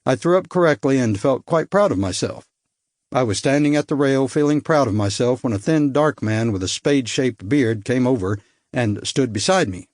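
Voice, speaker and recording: A man narrating a first-person thriller audiobook in a measured, dry storytelling manner. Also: mid-range voice, animated, a little mellow, no echo.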